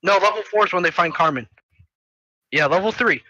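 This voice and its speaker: A young man casually recapping a movie plot with a friend, in a loose, jokey way full of "like" fillers and quick impressions. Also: high voice, sharp tone, no echo, muffled recording. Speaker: co-host summarizing a movie.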